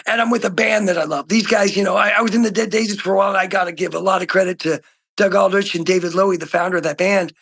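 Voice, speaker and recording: A middle-aged man from Oregon speaks as an interview guest, his voice pitched very high, bright and husky. He tells stories excitably, jumping from loud outbursts to quiet, hushed stretches. He is heard over a phone call. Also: rapid-fire. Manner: excitable storyteller, swings from shouting to hushed. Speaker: guest musician. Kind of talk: casual interview chat.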